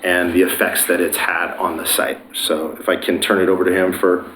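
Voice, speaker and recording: Earnest property owner, lowish voice, pitches his case in an echoey council chamber. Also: little pitch movement, brisk, bright, forceful tone, slight background noise. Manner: earnest, persuasive, some hesitations. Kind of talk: public meeting presentation.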